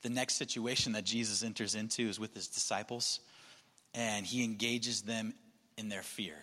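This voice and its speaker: A man preaching a sermon, moving between soft near-whispered passages and emphatic, raised stretches. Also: lowish voice, steady tone, moderate pace, in a large hall. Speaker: pastor.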